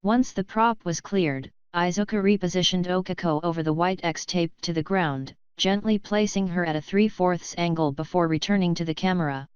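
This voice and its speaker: A woman narrating a fan fiction audiobook in a calm, even storytelling manner. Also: fairly low pitch, moderate pace, hardly any pauses, clear, resonant tone, no echo. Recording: slightly dull, dry close-mic recording.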